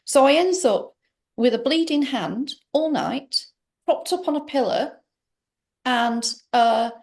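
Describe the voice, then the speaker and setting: A middle-aged woman with a high-pitched, expressive voice talks unhurriedly with vocal fry and a slightly mellow quality. She's the guest in an interview, telling a personal story that rambles, comes across as emphatic, and is full of restarts.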